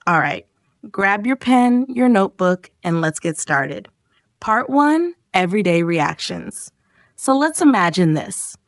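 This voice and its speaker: A woman with a medium-pitched voice narrates a scripted English lesson at a measured pace, recorded clean in a studio with no room sound. As an English teacher, she's lively and acts out sample reactions along the way.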